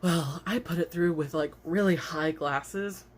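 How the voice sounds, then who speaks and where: Young woman vlogging to her cam, low voice, rambly and giggly, says like a lot. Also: measured pace, slight background noise. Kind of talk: casual storytelling vlog. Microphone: camera facing her, seen on video.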